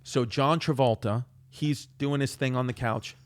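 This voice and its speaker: A man from Queens, a comedian guest telling a story in an animated, self-mocking way. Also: mid-range voice, measured pace. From New York, Queens. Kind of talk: storytelling on a talk show.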